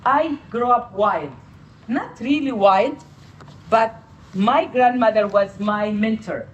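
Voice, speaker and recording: Animated woman telling her life story. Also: on the high side, takes it slowly, highs cut off. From Palestinian Bedouin, Negev region. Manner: animated, acts out quoted family voices. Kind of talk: storytelling talk to an audience.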